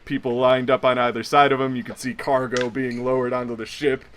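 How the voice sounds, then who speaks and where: A man's voice: medium pitch, flat delivery, a little fast, fairly bright tone, slight background noise. A man narrating a tabletop horror game as game master, telling the scene like a story. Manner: storytelling, with chuckles.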